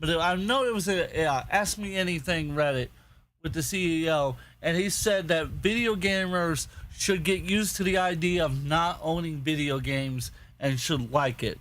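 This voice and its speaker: A man's voice: a little high, measured pace, fairly bright tone. A man on a casual podcast, ranting angrily and swearing constantly, repeating himself as he gets worked up. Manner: angry, profane, repetitive ranting. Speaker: podcast host.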